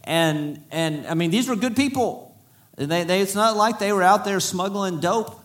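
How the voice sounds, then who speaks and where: A man's voice: high-pitched, moderate pace, a bit bright. A middle-aged man preaching a sermon to a congregation, telling stories in a folksy, self-deprecating way. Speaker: pastor.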